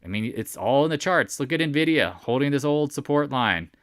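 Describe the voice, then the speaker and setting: A man hosting a casual live stock market recap, animated and sarcastic, often teasing imagined viewers. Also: mid-range voice, normal speed, dry recording, studio quality.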